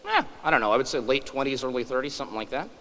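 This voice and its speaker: A man's voice: mid-range voice, very animated, rapid-fire, bright, forceful tone, in a large hall. A man voicing a casual store clerk, offhand and chatty.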